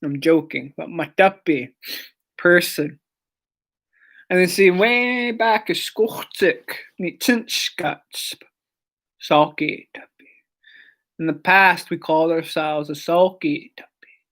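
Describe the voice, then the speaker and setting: An unhurried teacher in the middle of a language lesson, saying each word over and over for learners. Some repeats come out softly or as a whisper, and the explanations of stress and meaning stay patient and plain. The voice sits at an ordinary middle pitch. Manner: says each word several times slowly, sometimes softly or in a whisper; explains pronunciation patiently with short asides.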